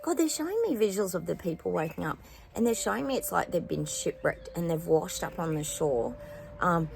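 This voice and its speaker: A woman's voice: on the low side, expressive, brisk, gravelly, darkish tone, slight background noise, rough recording. A woman hosting a psychic channel, chatting casually to her viewers with fillers and rambling asides. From New Zealand. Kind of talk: casual spoken predictions to viewers. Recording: music playing behind.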